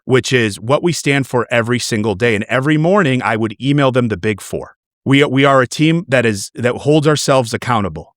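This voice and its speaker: A man coaching a loan officer in a conversation, an animated storyteller who repeats words when he gets fired up. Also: mid-range voice, no room sound, studio quality. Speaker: mortgage team coach.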